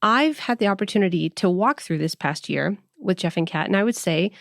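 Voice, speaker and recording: A woman's voice: medium pitch, expressive, a little fast, vocal fry, dry recording, clean studio sound. A woman hosting a faith podcast, talking in a thoughtful, conversational way. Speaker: podcast host.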